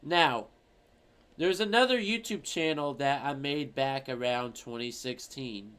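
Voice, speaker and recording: A man's voice: mid-range voice, measured pace, fairly bright tone, smooth. A young man chatting casually on a stream, telling rambling stories with plenty of swearing. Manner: rambling, profane storytelling.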